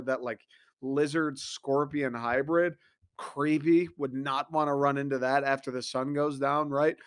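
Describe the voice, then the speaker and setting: A man's voice: a little high, no echo. Rambling, profane man on a solo podcast, dry close sound. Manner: rambling, profane, acts out voices. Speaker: podcast host. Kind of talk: casual solo commentary.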